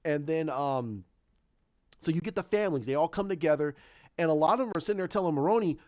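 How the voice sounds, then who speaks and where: A man's voice: a little high, animated, fast, darkish tone. A man casually retelling his idea for a film story, rambling and restarting often as he quotes the characters' lines. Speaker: fan pitching a film reboot. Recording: dull lo-fi recording.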